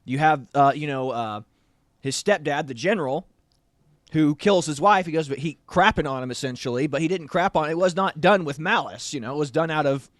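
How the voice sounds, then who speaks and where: A man's voice: a little high, a little fast, no echo, studio quality. A man co-hosting a casual movie review show, rambling, with many restarts and fillers. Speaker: podcast co-host.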